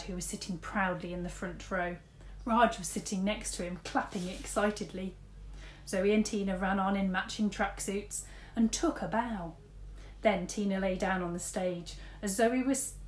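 A woman teacher reads a storybook aloud in a lively way, her mid-range voice sounding reverberant. She voices the characters by switching between big shouts and soft whispers.

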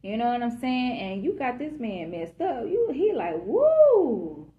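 A woman's voice: on the high side, sing-song, normal speed, lo-fi sound. A woman giving a casual collective love reading, chatty and emphatic, who calls her listeners y'all and baby. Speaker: tarot reader.

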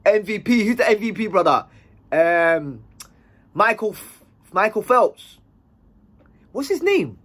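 A man's voice: high voice, slow, long pauses. A man telling a story in a casual, slang-heavy way. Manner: animated, slang-heavy, acts out dialogue.

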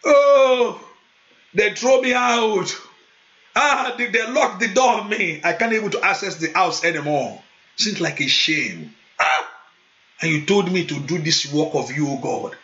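A male pastor preaching a sermon, moving into loud fervent prayer and speaking in tongues. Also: on the high side, expressive, moderate pace. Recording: dull lo-fi sound.

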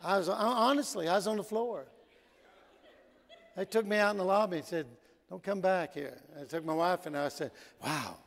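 Gravelly preacher man in a reverberant hall. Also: high voice, normal speed. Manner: storytelling, swinging from loud emphasis to quiet asides. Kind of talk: sermon. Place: church sanctuary. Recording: long church hall reverb.

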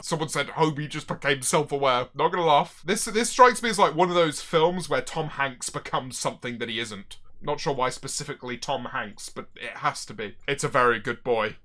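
Man in his 20s, streamer, bright forceful tone, casual jokey rambling. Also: mid-range voice, normal speed, hardly any pauses. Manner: joking, rambling, self-mocking. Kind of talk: casual reaction commentary. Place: office.

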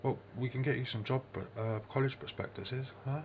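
A man's voice: mid-range voice, fairly even intonation, brisk, darkish tone, a little hiss or hum. A man from the United Kingdom rambling in a vlog monologue, swearing constantly and muttering asides to himself.

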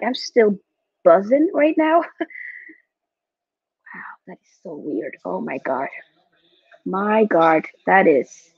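A young woman hosting a live football watchalong from home, excitable and reading out viewer chat. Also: mid-range voice, slightly rough, no echo. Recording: dull lo-fi dry mic.

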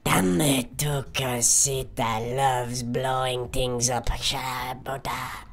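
A woman voicing an evil, mischievous alien babysitter who loves explosives, in a Minecraft role-play, with slow menacing boasts and childish taunts. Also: extremely low pitch, steady tone, exaggerated voice. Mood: gloating.

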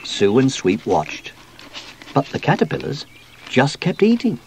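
Slow, expressive male storybook reader. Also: mid-range voice, vocal fry, noisy background. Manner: slow, expressive read-aloud. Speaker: audiobook narrator. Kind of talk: children's storybook reading.

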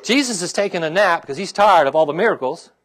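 High-voiced man preaching a sermon. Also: expressive, quick pace. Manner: preaching with call-and-response, asking the congregation "okay?" and "amen?"; turns quiet and heartfelt when sharing his own trials. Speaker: pastor.

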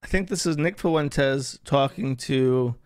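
A man's voice: medium pitch, slow, smooth, no echo, studio quality. A man hosting casual online commentary, irreverent and profane, with slangy asides. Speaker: internet commentary host.

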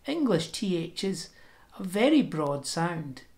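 A woman giving a pronunciation lesson, explaining sounds step by step and demonstrating them slowly and deliberately. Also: fairly low pitch, very animated, darkish tone. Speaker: language teacher.

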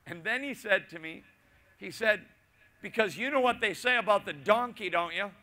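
Middle-aged man, pastor, high bright voice, storytelling sermon with repeated lines. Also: lively intonation, normal speed. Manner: storytelling with asides and repetition, swinging from loud to hushed.

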